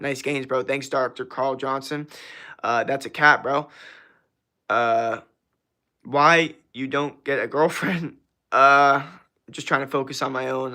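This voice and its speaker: A man's voice: medium pitch, pushed and bright. A man of twenty-one from Florida, hosting a casual livestream and answering chat questions in a laid-back, slangy way. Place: outdoors at night.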